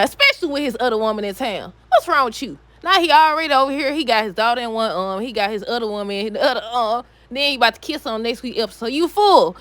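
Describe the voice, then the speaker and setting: A woman giving a casual, animated recap of a soap opera, talking back to the characters with exasperated asides. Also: high-pitched, no room sound.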